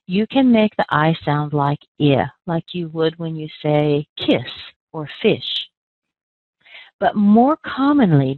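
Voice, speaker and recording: An American woman, an accent trainer, giving a patient pronunciation lesson and demonstrating sounds slowly and clearly. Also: deep voice, no room sound. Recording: dry, phone-like narrow sound.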